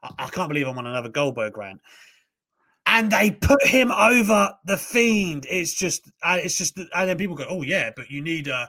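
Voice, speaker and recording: A young man hosting a casual wrestling talk show, animated, ranting and swearing freely. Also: a little high, moderate pace. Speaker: host.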